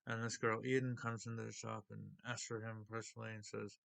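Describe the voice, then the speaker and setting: A man's voice: fairly low pitch, level tone, fairly quick, vocal fry, a bit bright. A man hosting a comic book video, casually retelling a story and unboxing comics in a loose, rambling way.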